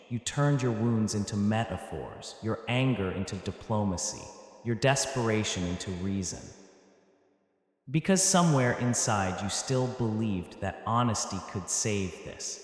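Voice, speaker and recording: A man giving a dramatic motivational voice-over, slow and emphatic, in short clipped phrases with pauses. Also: fairly low pitch. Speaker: narrator. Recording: heavy echo with long hall reverb.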